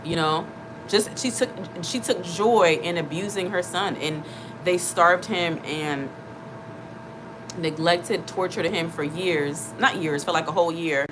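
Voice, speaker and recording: A woman's voice: on the low side, noisy background. A woman hosting her channel, talking in an earnest, repetitive, conversational way with many fillers. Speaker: channel host. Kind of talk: casual livestream chat.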